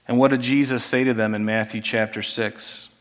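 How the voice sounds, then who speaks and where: A man preaching a sermon as pastor, conversational, dropping to hushed asides and rising to emphatic points. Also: mid-range voice, steady tone, moderate pace. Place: church sanctuary. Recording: long hall reverb.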